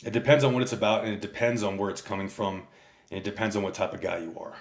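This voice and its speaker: A low-voiced man rambles through a casual livestream rant, swearing constantly as he tells stories and answers his chat. His voice rings in a noticeably echoey room. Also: fairly even intonation, fast. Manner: profane, rambling storyteller.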